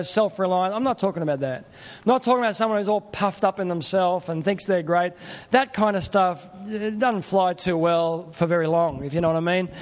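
A man's voice: high voice, in a large hall. A middle-aged man preaching a sermon in a plain-spoken, earnest, conversational way. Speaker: pastor.

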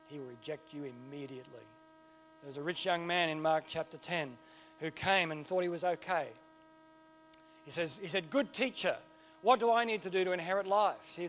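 Emphatic preacher, higher voice. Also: male voice, fairly bright tone, slight background noise. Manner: emphatic preaching, rising and falling in intensity. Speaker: pastor. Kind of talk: sermon.

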